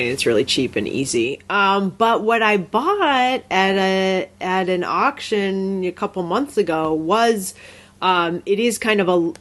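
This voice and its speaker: A woman co-hosting a podcast in a casual, enthusiastic chat full of fillers. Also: on the low side. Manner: chatty, enthusiastic, lots of fillers. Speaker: podcast co-host.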